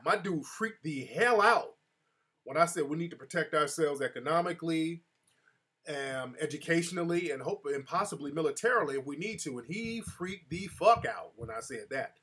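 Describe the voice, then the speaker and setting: Fairly high-voiced talk-show host. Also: male voice, moderate pace, slightly rough. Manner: animated storytelling with frequent word repeats, addressing chat viewers by name. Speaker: host of his own live show. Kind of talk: casual live-show monologue.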